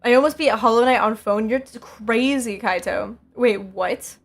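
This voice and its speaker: A woman's voice: a little high, normal speed. A young woman streaming, chatting casually with her viewers, laughing often and repeating herself.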